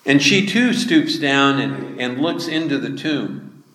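A man preaching a sermon, slowly retelling a scripture passage. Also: mid-range voice, expressive, a bit bright. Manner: slow, measured retelling of scripture with quoted speech. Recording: echoey hall with long reverb.

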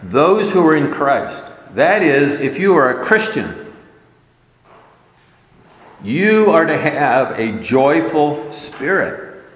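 Man preaching slow, voice going up and down a lot, emphatic, big roomy echo. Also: fairly high pitch, sing-song, a bit bright, slight background noise. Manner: emphatic, repeating key words. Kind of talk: sermon.

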